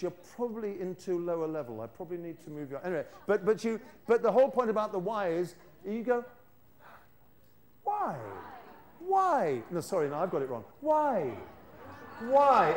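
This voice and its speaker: Speaking fast with few pauses, a British teacher trainer playfully urges a lecture-hall audience to repeat lines after him during a live classroom demonstration. His voice sits high, animated and a bit dark in tone.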